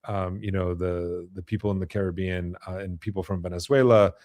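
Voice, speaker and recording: A man's voice: low voice, steady tone, fairly quick, a little mellow, no room sound. A man hosting a podcast interview, talking thoughtfully with many fillers and restarts. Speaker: podcast host. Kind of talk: conversational interview.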